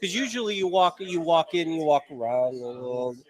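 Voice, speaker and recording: A man's voice: a little high, animated, fairly quick, darkish tone. A man hosting a live cigar show, talking with enthusiasm and heaping on praise. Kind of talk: casual chat.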